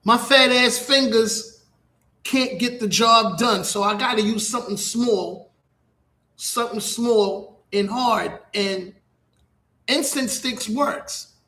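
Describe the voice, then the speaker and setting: A man's voice: very high voice, slow pace, pushed and bright. A middle-aged man hosting a radio talk show, rambling in a profane, repetitive way. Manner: rambling, profane, repeats himself. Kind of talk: casual rambling monologue. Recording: echoey room.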